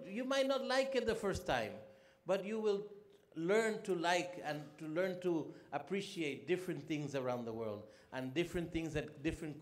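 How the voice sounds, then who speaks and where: Ambassador telling a funny anecdote. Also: male voice, on the high side. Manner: storytelling, acts out dialogue with lively humor. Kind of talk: anecdotal speech at a conference.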